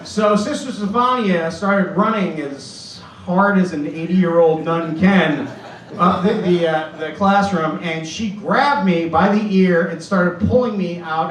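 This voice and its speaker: A man tells an animated stand-up story in a fairly high voice. The club room rings with echo, and he sounds a little far from the mic, with faint noise underneath. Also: unhurried. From Boston. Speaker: stand-up comedian. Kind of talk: stand-up set. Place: comedy club stage with live audience. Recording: roomy club recorded from afar.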